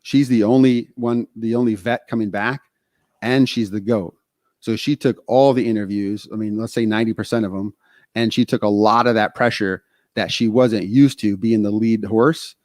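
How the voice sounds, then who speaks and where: A man in his thirties with a lowish voice, talking through a casual podcast discussion. He tells it like a story, piling on fillers and quick restarts. The sound is dry and close, with no room around it. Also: darkish tone, no echo. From Texas. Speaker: podcast co-host.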